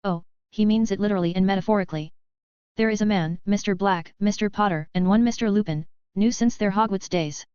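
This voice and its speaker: A woman narrating a first-person fan-fiction audiobook in a steady storytelling read. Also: medium pitch, fairly quick, clean tone, no room sound, muffled recording.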